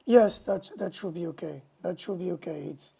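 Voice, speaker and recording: A man streaming a casual monologue, talking in a halting, indignant way from a home mic setup. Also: high-pitched, vocal fry, warm tone, breathy edge. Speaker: livestreamer.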